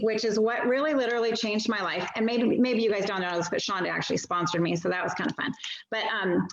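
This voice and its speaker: A chatty woman walks fellow sellers through a product demo in a casual, self-deprecating way. Her voice comes through a video call that sounds roomy and a little muffled, with the high end dulled. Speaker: nail polish stylist training other sellers. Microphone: video call mic.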